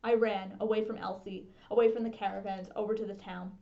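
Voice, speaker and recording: A woman librarian reading a children's novel aloud with steady, expressive narration. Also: mid-range voice, brisk, gravelly. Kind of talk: storybook read-aloud. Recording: dull lo-fi sound.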